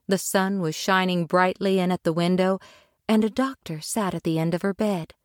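A woman narrating a children's story aloud with expressive, dramatic delivery. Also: lowish voice, normal speed, no room sound, clean studio sound. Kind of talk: storybook reading.

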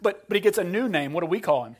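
A man's voice: expressive, racing, slightly rough. Conversational man preaching a sermon. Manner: conversational and self-deprecating, often restarting words; drops to a low, quiet voice for emphasis. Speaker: pastor.

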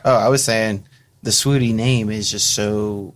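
A man's voice: on the low side, fairly even intonation, a little slow. A man guest in a studio, chatting in a laid-back, amused way. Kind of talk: casual chat.

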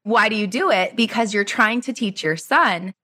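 A woman nurse co-hosting a podcast in casual chat, talking in an animated way. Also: mid-range voice, normal speed. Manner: animated, acts out quoted voices.

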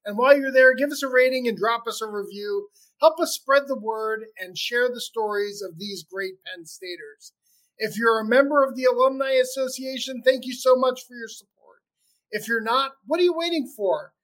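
A man's voice: very high voice, moderate pace, a bit bright, rough recording. Upbeat male podcast host. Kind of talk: podcast interview and outro.

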